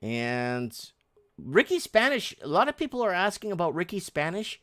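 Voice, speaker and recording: A man's voice: high-pitched, big pitch swings, moderate pace, a bit bright, no room sound, studio quality. A man hosting a casual live stream, rambling and sarcastic, reading headlines and chat messages aloud with many restarts.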